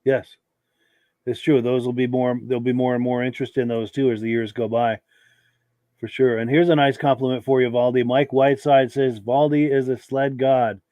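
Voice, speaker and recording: A man's voice: mid-range voice, level tone, normal speed, dark tone, no echo. A man hosting a live podcast, reading out viewer comments in an easygoing way with frequent filler words. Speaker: podcast host.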